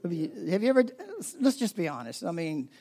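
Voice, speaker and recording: Pastor guy giving a sermon, kinda high voice, chatty, goes loud then whispery. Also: very animated, brisk. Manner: conversational, shifts between loud emphasis and near-whisper.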